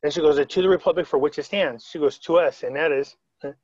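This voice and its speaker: A man with a somewhat high voice talks over a video call, rambling through a story and acting out what others said. The sound is dull and lo-fi. The room is dry. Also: quick pace, darkish tone, no echo. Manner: rambling, retells quotes, frequent restarts. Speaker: interviewee.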